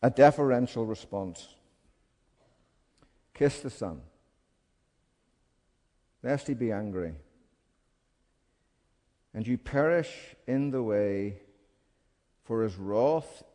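A man preaching with fervour, his voice dropping to a hush and then rising to urgent appeals. It is a mid-pitched voice carried by a long hall reverb, the sound of a church. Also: animated, slow, pauses often. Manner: impassioned, swings from hushed pleading to loud urgent calls. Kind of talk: sermon.

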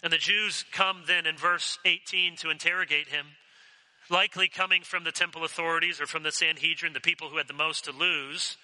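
A man's voice: on the high side, steady tone, moderate pace, bright, forceful tone. A man preaching an earnest, emphatic sermon as pastor, asking the congregation direct questions. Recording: long hall reverb.

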